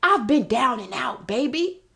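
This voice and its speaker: Woman podcast host, middle-aged, aave, hypes you up loud and blunt, voice sits kinda high. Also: unhurried, creaky. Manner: animated, profane, repetitive pep talk. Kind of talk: motivational talk.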